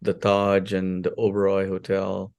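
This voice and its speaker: A man in his forties from India, a podcast guest telling stories of his life in a lively, filler-heavy way. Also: low-pitched, measured pace, smooth. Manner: animated storyteller, many fillers and restarts. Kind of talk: casual interview storytelling.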